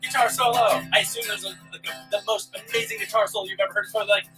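A man's voice: high-pitched, little pitch movement, very fast, over music. A man co-hosting an arts therapy livestream, chatting in a goofy, rambling, self-mocking way between improvised songs. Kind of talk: playful casual livestream chat with improvised songs.

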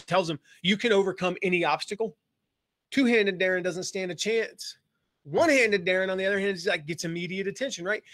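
Coach type, male, slightly high voice, rambling live-lesson delivery, dry mic. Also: a bit bright, no echo. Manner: chatty, many fillers and restarts. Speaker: marketing coach. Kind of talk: live-streamed lesson, casual talk.

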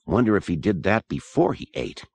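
A man's voice: low voice, sing-song, normal speed, vocal fry, breathy edge, dry recording, heavily acted. A man reading the part of a crude young man who teases his friend with profane jokes. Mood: teasing. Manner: profane, teasing. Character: crude joking young man exploring ruins.

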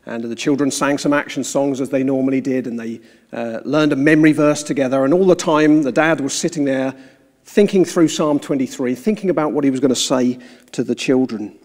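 Earnest preacher, reverberant sound. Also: male voice, medium pitch, a little mellow. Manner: measured, earnest storytelling. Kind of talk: sermon with storytelling.

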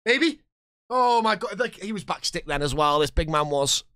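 A man in his thirties keeps up live gameplay commentary and chat while playing a football management game, trading jokes with his audience and yelling at the action. He speaks fairly quickly on the higher side, with lively, free-moving intonation and a smooth sound. The audio is dry and roomless.

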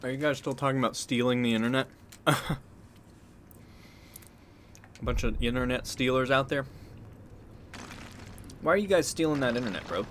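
A man's voice: mid-range voice, moderate pace, pauses often, a bit bright, a little hiss or hum. A man streaming a video game live, joking, swearing freely and chatting with his viewers. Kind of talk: live gameplay stream commentary.

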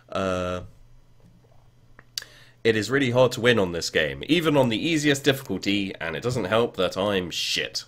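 A man commentating a game as he plays, swearing often and bursting into yells and chanted words. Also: on the low side, big pitch swings, moderate pace. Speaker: gaming video creator. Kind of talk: let's play commentary.

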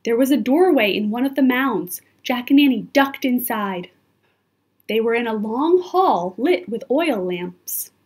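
Woman, children's-book reader, expressive, breathy, slow and lively-pitched. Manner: expressive, chats to the listener. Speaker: storyteller. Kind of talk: children's book read-aloud.

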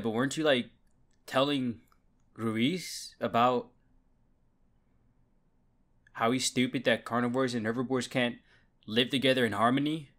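A man's voice: medium pitch, fairly bright tone. A young man hosting an anime reaction video, talking in a casual, slangy way and often bursting into laughter.

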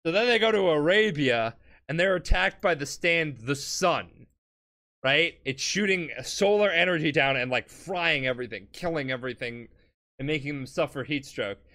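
A man's voice: fairly high pitch, animated, moderate pace, bright, forceful tone. A drunk man hosting a podcast who rambles and swears through a comedic retelling, laughing often. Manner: rambling, profane, laughing, acts out characters. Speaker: podcast host.

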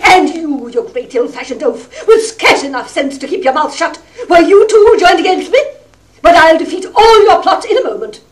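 A woman's voice: very high-pitched, animated, normal speed, distant mic. An actress playing a domineering middle-aged country mother who rants with scorn and sarcasm, in a 1960s stage play recording. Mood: scornful.

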